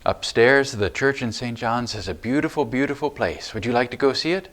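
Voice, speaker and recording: A man serving as chaplain, talking gently and encouragingly to preschool children inside a church, using simple words. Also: medium pitch, a little fast. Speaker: chaplain leading children's chapel.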